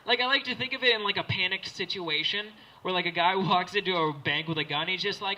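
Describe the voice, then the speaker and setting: A young man in his late teens doing a stand-up comedy set, animated and jumping into silly character voices. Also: sits high, quick pace, hardly any pauses, poor audio. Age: young adult. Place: small comedy show with live audience.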